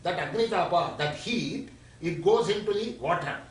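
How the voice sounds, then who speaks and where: A man's voice: high voice, expressive, moderate pace. An older man from India lecturing on scripture to a small private audience, explaining verses and acting out quotes. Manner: explains verses line by line, switching into acted quotes. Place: private home gathering. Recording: echoey room, mic far off.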